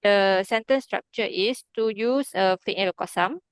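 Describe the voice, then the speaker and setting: Woman, grammar teacher, smooth clear voice, dry close sound, patient, checks in often. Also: medium pitch, measured pace, dry recording. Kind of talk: online grammar lesson.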